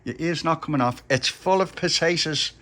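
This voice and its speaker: A man voicing a bossy, loving working-class mum who scolds briskly. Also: a little high, pushed and bright, pitched above the performer's own voice. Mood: scolding.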